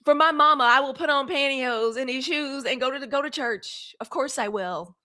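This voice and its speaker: A woman's voice: high voice, fairly quick, sharp tone. A woman from Mississippi with a Southern accent, hosting a casual livestream and talking straight to her viewers in a blunt, fiery way. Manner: talks straight to viewers, calls them y'all, fiery and blunt with swearing. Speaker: livestream host.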